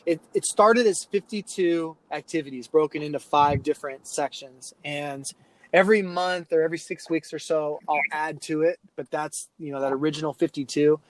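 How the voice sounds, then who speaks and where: Appearing on a podcast, this youth sports coach talks at normal speed in a fairly high voice, with the poor recording adding a bit of hiss or hum. His lively anecdotes in the relaxed interview include impressions of the kids he's quoting.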